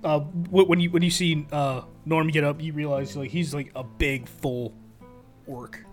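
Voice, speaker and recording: A man narrating as game master of a tabletop game in a loose, halting way, over faint guitar music. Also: fairly high pitch, steady tone.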